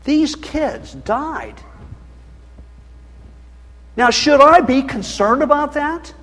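A middle-aged man preaching a sermon, passionate and emotional, his voice going shrill when he raises it. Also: very animated, very slow, fairly bright tone. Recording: reverberant hall.

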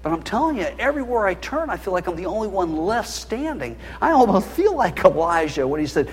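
A middle-aged male preacher with a high, husky voice that swings widely as he pleads and warns. He preaches with raw feeling and pushes into shrillness when he gets loud. The sermon rings with a long reverb, like a church hall. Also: very animated, fairly quick, few pauses. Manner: passionate, emotional, voice rising to a shrill pitch.

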